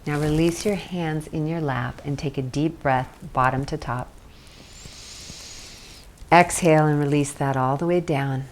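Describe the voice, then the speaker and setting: A woman leading a guided tapping session, speaking slowly, repeating phrases, and laughing often. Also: sits low, fairly even intonation, slight background noise. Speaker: tapping instructor.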